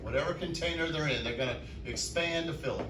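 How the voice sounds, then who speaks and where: Speaking quickly in a voice on the high side, a man lectures a classroom on chemistry, asking questions he then answers himself. The recording is distant and echoey, with background noise.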